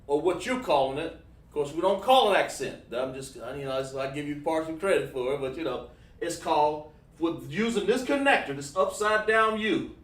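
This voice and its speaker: A man teaching a livestreamed class, patiently checking in and praising his students. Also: high voice. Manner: patient, checks in with repeated "okay, all right", praises students. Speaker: class instructor. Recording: echoey room, voice far from mic.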